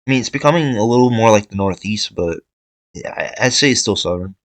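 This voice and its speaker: A man's voice: fairly low pitch, animated, fairly quick, no echo, poor audio. A young man giving casual tier-list commentary, thinking aloud with fillers and restarts. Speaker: video creator ranking states.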